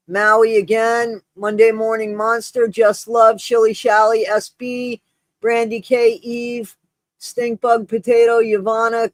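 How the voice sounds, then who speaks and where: A man's voice: high-pitched, dry recording. Effusive, breathless male stream host. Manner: effusive, rambling, with many restarts and shout-outs. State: short of breath. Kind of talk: casual live-stream chat.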